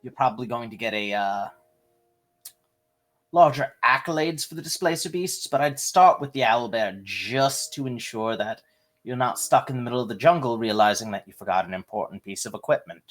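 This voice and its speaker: Measured man playing his character. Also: medium pitch, fairly bright tone. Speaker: player. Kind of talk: in-character role-play.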